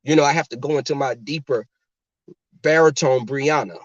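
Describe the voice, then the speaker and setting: Man hosting a casual car livestream, talking straight to the chat, mid pitch, slightly muffled dry audio. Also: moderate pace, dry recording. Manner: chatty, talks straight to the chat. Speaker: livestream host chatting with viewers.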